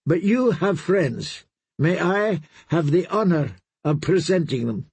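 A man's voice: on the high side, expressive, slow pace, vocal fry, darkish tone, breathy edge, no echo, pitched above the performer's own voice, full character voice. A man reading an audiobook, voicing a proud young princess who speaks in a poised, persuasive way.

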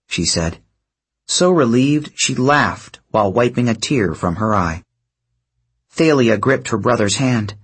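Guy narrating a novel, slow, breathy raspy voice. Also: fairly low pitch. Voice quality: husky, breathy. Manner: slow, expressive storytelling. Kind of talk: audiobook narration.

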